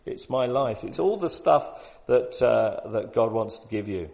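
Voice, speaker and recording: A man preaching a sermon in a conversational way, building to loud, emphatic peaks. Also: medium pitch, animated, unhurried, creaky, few pauses. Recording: dull lo-fi sound.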